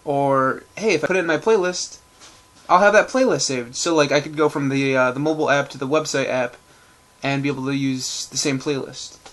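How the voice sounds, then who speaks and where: A man's voice: mid-range voice, brisk, fairly bright tone. A man rambling casually to camera at home in a loose, profane vlog, full of fillers and restarts. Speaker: vlogger. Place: at home indoors.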